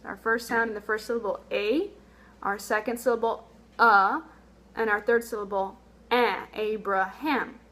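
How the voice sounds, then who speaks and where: A young woman who teaches Spanish gives a recorded lesson, explaining patiently and sounding words out slowly, repeating them for the learner. Her voice is fairly high and a bit bright, with fairly even intonation.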